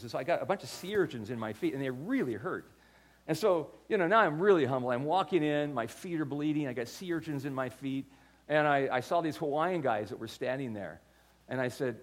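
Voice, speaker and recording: An older man giving a sermon, telling stories in a conversational way with frequent restarts and repeated words. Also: on the high side. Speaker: pastor.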